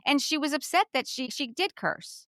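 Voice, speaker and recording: A woman's voice: high voice, moderate pace, dry recording, studio quality. A woman from New Jersey co-hosting a podcast, chatting casually and retelling reality-show scenes with a lot of repetition. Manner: chatty, repeats herself, animated retelling. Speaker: podcast co-host.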